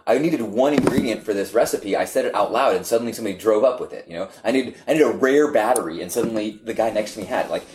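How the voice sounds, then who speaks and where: A man's voice: on the low side, fast, hardly any pauses, noisy background. A man in casual conversation, telling a story with many restarts and acting out what others said. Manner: rambling, animated storytelling with restarts and acted-out quotes. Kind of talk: casual conversation among friends.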